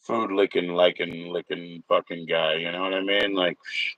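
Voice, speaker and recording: A man's voice: deep voice, little pitch movement, normal speed, a bit bright, dry recording, lo-fi sound. A man hosting a casual livestream from home, rambling, swearing and mocking trolls in chat. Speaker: livestream host.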